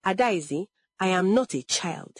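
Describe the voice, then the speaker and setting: A woman's voice: mid-range voice, lively intonation, a little slow, breathy edge, no room sound, studio quality. A woman voicing a nervous young village woman who stammers and turns defensive in a storybook scene.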